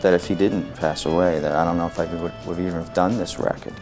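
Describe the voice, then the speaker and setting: A guitarist reminisces calmly in an interview. His voice sits very low, and loud music plays behind him. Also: fast talker. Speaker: guitarist, former bandmate. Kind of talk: reflective interview talk.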